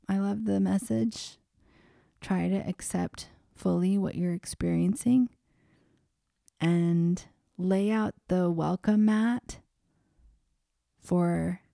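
A woman calmly talking through a personal reflection, unhurried, with frequent pauses and filler words. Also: mid-range voice, vocal fry, no room sound, studio quality. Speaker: vlogger.

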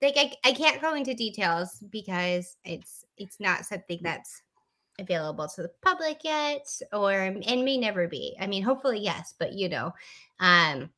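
A woman's voice: mid-range voice, expressive, moderate pace, pushed and bright. A woman from the American Midwest, co-hosting a casual podcast, talking candidly and swearing freely. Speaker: podcast co-host. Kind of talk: casual chat.

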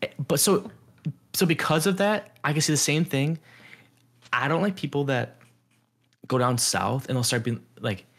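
A young man co-hosting a podcast, chatting casually, rambling with lots of filler words and slipping into animated impressions. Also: fairly high pitch, normal speed, long pauses. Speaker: podcast co-host. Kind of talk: casual chat.

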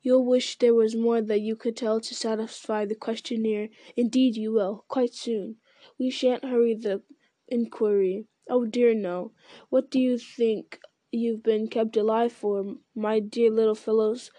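A sly male goblin soldier, put on by a woman reading aloud, talks in a soft, hissing whisper that turns threats into silky, gloating questions. The voice sits a little high and mellow, and the recording is close and dry. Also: fairly even intonation, a little slow, no room sound, natural voice. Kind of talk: audiobook character voice.

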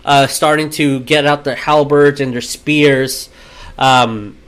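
A man's voice: mid-range voice, steady tone, slow, fairly bright tone, smooth. A man narrating as game master of a tabletop game, casual and loose, with many fillers.

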